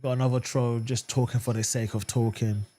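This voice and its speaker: A man's voice: mid-range voice, fairly quick. A man hosting a live watchalong of a football match, chatting with viewers and erupting at the referee. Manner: animated, swings between calm chat and outraged shouting at the referee; reads and answers viewer comments. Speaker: fan channel host.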